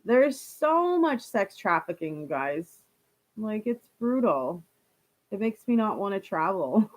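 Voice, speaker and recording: A woman's voice: medium pitch, big pitch swings, slow. A woman chatting casually on a live stream, reading viewer comments aloud and laughing often.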